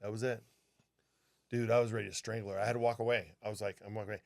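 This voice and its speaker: A man co-hosting a podcast, telling a story in casual, animated talk with a lot of swearing. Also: on the low side, fast talker, vocal fry. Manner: animated, profane, acts out what people said. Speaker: podcast co-host, flight attendant.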